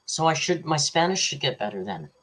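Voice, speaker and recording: Low husky-voiced woman, chatty livestream host, rambling and teasing, reads super chats. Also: sing-song, brisk, a bit bright. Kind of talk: casual live chat reading super chats.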